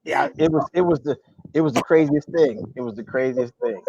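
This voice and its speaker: Man, comedian, casual storytelling, animated, does voices, muffled sound. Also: a little high, a little fast, breathy edge, no room sound. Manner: animated, mimics voices and groans. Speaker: guest comedian.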